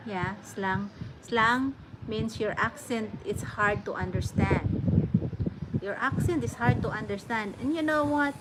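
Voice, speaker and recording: A woman's voice: fairly high pitch, unhurried. A middle-aged woman with a Filipino accent, chatting casually with her viewers, laughing often and restarting her sentences. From Philippines. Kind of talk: casual chat. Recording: noisy home recording.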